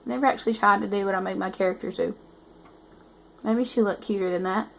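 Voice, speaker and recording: A woman's voice: mid-range voice, steady tone, fairly quick, creaky, long pauses. A woman author reading her book aloud and breaking off into self-mocking, chatty asides.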